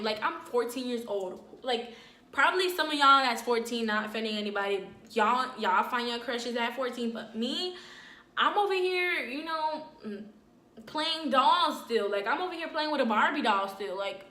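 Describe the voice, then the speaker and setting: A woman telling a personal story in a casual, animated vlog, full of fillers and dramatic retelling. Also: on the high side, normal speed, reverberant. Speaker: storyteller, vlogger.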